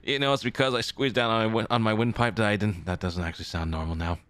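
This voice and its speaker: Low, bright-voiced young male streamer. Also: steady tone, fast, no echo, soft background music. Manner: rambling, self-correcting, repeats phrases. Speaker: streamer in character as a traveling merchant. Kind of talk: casual live-stream chat to viewers.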